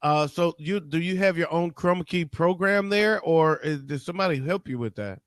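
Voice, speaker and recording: A man's voice: a little high, normal speed, dry recording. A man from Detroit hosting a casual morning livestream, joking loosely, cursing freely and greeting viewers by name. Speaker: livestream host.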